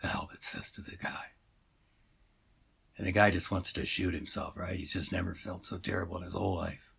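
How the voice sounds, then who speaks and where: Low husky man rambling through a tale. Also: little pitch movement, fairly quick, fairly bright tone. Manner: meandering, full of fillers and asides. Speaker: storyteller. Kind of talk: rambling casual storytelling.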